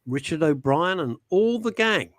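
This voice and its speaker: A man's voice: a little high, animated, a little slow, no echo. A man hosting a talk show, bantering and teasing in a theatrical way. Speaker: host.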